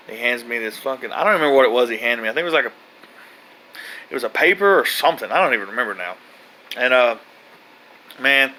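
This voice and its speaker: Bright-voiced man telling his story casually. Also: medium pitch, slight background noise, poor audio. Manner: loose, profane, rambling with frequent fillers. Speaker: vlogger recounting his own prison intake.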